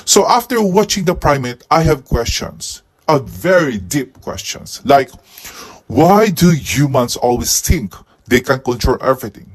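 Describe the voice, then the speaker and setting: A man giving a comic movie review in a husky head costume, with deadpan jokes and sudden outbursts. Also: medium pitch, unhurried. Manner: speaking while wearing a husky head costume.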